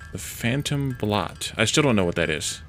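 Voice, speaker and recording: A man's voice: lowish voice, lively intonation, moderate pace, fairly bright tone, soft background music. A man streaming a video game, chatting casually with viewers and thinking aloud as he plays. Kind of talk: casual let's-play commentary.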